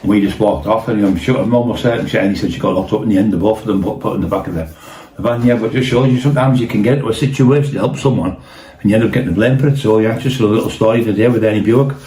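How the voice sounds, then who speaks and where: A man's voice: fairly low pitch, racing, warm tone. A man telling a rambling anecdote in a casual way, swearing a lot and acting out what people said. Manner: rambling, heavy swearing, acts out quotes. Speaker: storyteller host. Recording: roomy echo.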